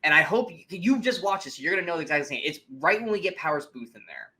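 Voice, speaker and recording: Bright-voiced, animated, cursing man. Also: a little high, fast. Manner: animated and profane, acting out scenes in mocking voices. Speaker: movie review podcast co-host. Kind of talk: casual chat.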